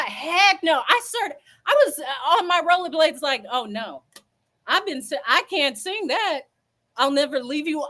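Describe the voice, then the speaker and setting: A woman hosting a casual livestream, telling a story in an animated, emphatic, sassy way and laughing as she goes. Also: high-pitched, a little slow. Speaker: livestream host.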